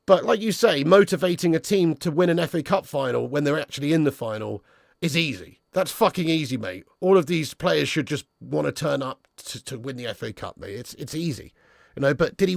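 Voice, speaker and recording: A man's voice: a little high, brisk, gravelly, no room sound, studio quality. A young man hosting a casual live stream about football, reading chat comments aloud and answering them bluntly, with plenty of swearing.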